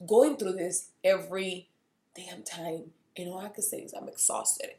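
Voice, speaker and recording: A woman's voice: on the low side, steady tone, measured pace, mellow, reverberant. A woman in her thirties, telling stories to camera in a candid vlog style and acting out both sides of the conversations. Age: 30s. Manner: candid storytelling, acting out dialogue. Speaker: beauty vlogger. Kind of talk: casual vlog monologue.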